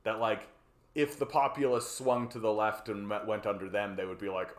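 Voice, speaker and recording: A man's voice: on the low side, fairly even intonation, moderate pace. Rambling Canadian man in an echoey room. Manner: profane, rambling, tags lines with "right?". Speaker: livestream host. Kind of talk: casual political commentary.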